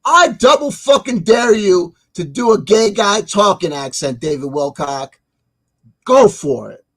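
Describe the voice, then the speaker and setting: High-voiced man ranting angrily. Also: lively intonation, measured pace, fairly bright tone. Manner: angry, profane, mocking. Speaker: commentary channel host. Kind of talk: ranting commentary.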